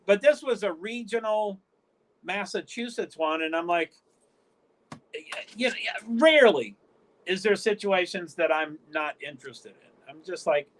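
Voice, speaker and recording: A man from the northeastern US hosts his own livestream in loose, casual chat. His voice sits fairly high for a man. He wanders from thought to thought, trips over restarts and keeps cutting himself off. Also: lively intonation, unhurried, a bit bright. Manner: rambling, stop-start, frequent self-interruptions. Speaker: livestream host.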